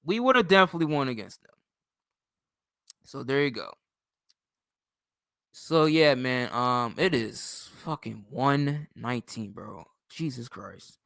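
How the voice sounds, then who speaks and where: A man's voice: on the high side, big pitch swings, unhurried, pushed and bright, dry recording, clean studio sound. A young man from New York State hosting a livestream in casual, rambling, profane chat. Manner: rambling, profane, loose and chatty. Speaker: livestream host.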